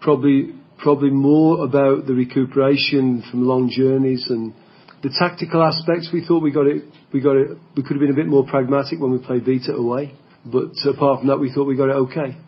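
A man's voice: medium pitch, fairly even intonation, fairly quick, breathy edge. A man, a football coach, giving press comments while thinking aloud and repeating words. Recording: lo-fi press clip.

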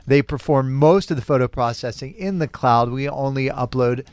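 A man's voice: medium pitch, normal speed, clear, resonant tone, no echo. A man hosting a radio show, telling a story and joking with co-hosts in a studio. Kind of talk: morning radio banter.

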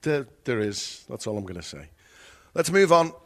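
A man's voice: medium pitch, sing-song, moderate pace, a loud crowd. A man in a mid-range voice co-hosts a morning radio show. He talks insistently and defensively in casual, joking banter. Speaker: radio co-host.

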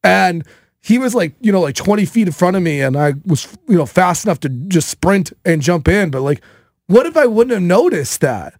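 High-voiced man telling a story. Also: moderate pace, no echo, studio quality. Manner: animated, filler-heavy with frequent "like". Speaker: podcast host. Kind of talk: casual storytelling.

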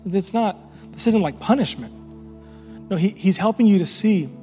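A man's voice: high-pitched, expressive, normal speed, pauses often, dark tone. A man preaching a sermon as pastor, passionate and repetitive, building to rising crescendos. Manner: impassioned preaching, repeats words, builds to crescendos. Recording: long reverb in a large hall, faint music.

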